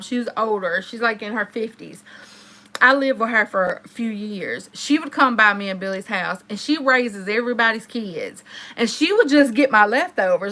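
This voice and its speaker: A woman in her thirties chatting to live viewers, telling a story in a lively, animated way and talking straight to her audience. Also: on the high side. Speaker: live-stream host.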